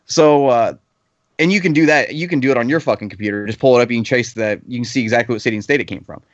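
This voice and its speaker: A man's voice: medium pitch, quick pace, no room sound. A man in his thirties, a podcast panelist telling a heated anecdote in casual chat, swearing freely. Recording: slightly dull lo-fi podcast audio.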